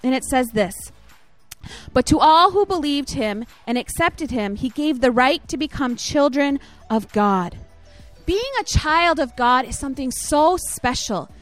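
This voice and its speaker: High-voiced woman giving a children's message. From Michigan, USA. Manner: warm, encouraging, storytelling. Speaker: children's ministry leader.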